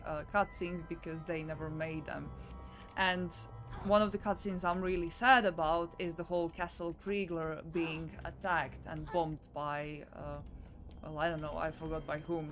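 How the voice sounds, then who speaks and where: Woman game streamer, lowish voice, casual chatty commentary, self-correcting, soft music underneath. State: slightly tired.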